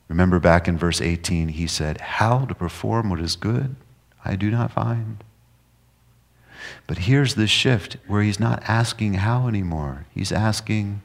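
Earnest low-voiced male preacher. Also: a little slow. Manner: earnest preaching, swings between loud emphatic and quiet hushed. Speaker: pastor. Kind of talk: sermon.

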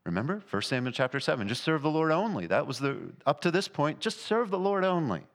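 A man preaching a sermon, emphatic, rising high and loud in places and dropping low and quiet in others. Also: big pitch swings, brisk. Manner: emphatic preaching, rising and falling in pitch and volume. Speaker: pastor.

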